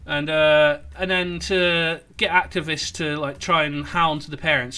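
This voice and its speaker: A man's voice: fairly high pitch, steady tone, a little slow, hardly any pauses, sharp tone, clear, resonant tone. A man ranting sarcastically in an online commentary video, with stumbling restarts. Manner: sarcastic, mocking, rambling. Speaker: political commentator.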